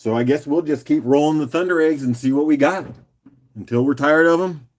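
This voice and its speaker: A man hosting a casual live-stream rock auction, joking and chatting with viewers by name in a loose, unhurried way. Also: on the high side, darkish tone. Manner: loose and unhurried, with fillers and restarts while doing other tasks.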